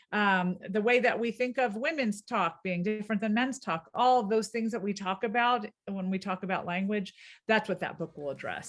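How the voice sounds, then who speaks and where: A woman linguist with a subtle Southern US accent, explaining clearly and laughing easily in a podcast interview. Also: medium pitch, fairly bright tone. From American South. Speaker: linguist guest.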